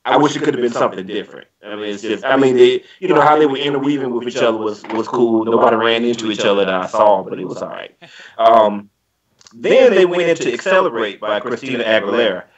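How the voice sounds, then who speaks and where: A man talking as a guest panelist in a casual podcast chat, animated and sometimes breaking into a sung line. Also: mid-range voice, quick pace, dull audio. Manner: animated, breaks into snatches of song when describing a show.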